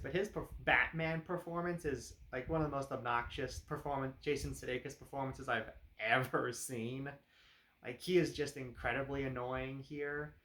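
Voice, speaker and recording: A man talks through a movie review in a loose, rambling way, full of fillers and dry, sarcastic asides. His voice sits a touch higher than most men's. The room around him adds a noticeable echo. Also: fairly bright tone. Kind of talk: casual spoken review. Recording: roomy echo.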